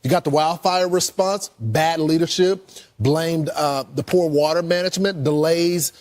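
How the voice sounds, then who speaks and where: A man speaks in an opinionated, critical way and runs through a list of complaints. His voice sits a little higher than most men's. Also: measured pace, darkish tone. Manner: critical, listing grievances. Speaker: political commentator. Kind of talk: opinionated commentary.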